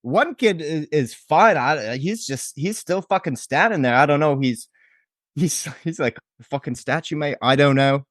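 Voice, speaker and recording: A man's voice: fairly high pitch, expressive, normal speed, no echo, clean studio sound, close to an everyday voice. A man voicing a shocked, foul-mouthed neighbor witness, rambling and repeating himself. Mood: rattled. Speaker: podcast co-host. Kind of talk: improvised comedy sketch.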